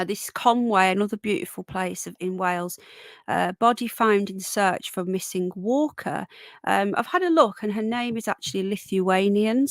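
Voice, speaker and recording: A woman's voice: mid-range voice, dry recording. A woman hosting a casual livestream, chatting and greeting viewers by name with a runny nose, a bit unwell. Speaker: livestream host. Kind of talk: casual live chat.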